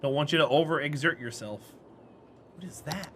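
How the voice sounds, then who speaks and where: A man's voice: a little high, normal speed, fairly bright tone, slight background noise. A man streaming a game and chatting casually with his viewers, friendly and talkative, answering chat by name and laughing often.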